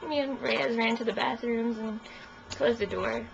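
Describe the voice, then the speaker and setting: A young woman chats through her side of the story in a casual interview, giggly and peppering her talk with "like". Her voice sits fairly high with a strong creak, and the recording is muffled with a faint hiss. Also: unhurried. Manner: chatty, giggly, lots of "like".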